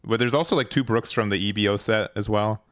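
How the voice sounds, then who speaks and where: A man with a fairly low voice gives relaxed play-by-play of a card game match. He hedges his calls and trips over his own sentences as he thinks aloud. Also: fast. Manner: relaxed, hedging, frequent fillers and restarts. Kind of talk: casual match commentary.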